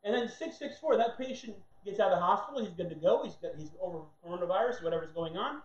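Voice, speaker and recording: A man with a high-pitched, expressive voice preaches a sermon fast, in a heated and mocking way, at times acting out other people's voices. The recording sounds roomy, dull, and lo-fi.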